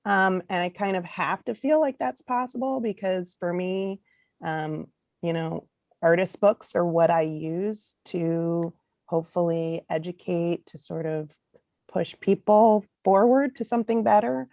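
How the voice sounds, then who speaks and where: A woman book artist speaking on a panel, earnest and halting, losing her voice and clearing her throat. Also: fairly low pitch, dark tone, no room sound. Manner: earnest, repeats herself with "um"s. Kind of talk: panel discussion.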